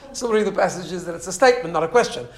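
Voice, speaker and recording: Rabbi giving an informal class, quick and animated, voice pitched a little high, a small live audience in the room. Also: male voice. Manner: animated storyteller, many restarts and asides. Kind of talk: informal Torah class talk.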